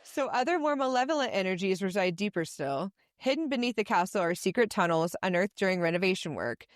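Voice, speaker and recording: A woman's voice: mid-range voice, expressive, fairly quick, dry recording, studio quality. A woman co-hosting a podcast, chatting casually, swearing freely and reading ghost stories aloud. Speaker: podcast co-host.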